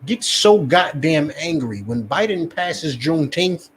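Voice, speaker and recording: A man's voice: on the high side, expressive, a little slow, slight background noise. A man with a New Jersey accent preaching a fiery street sermon, swearing and acting out the voices he quotes.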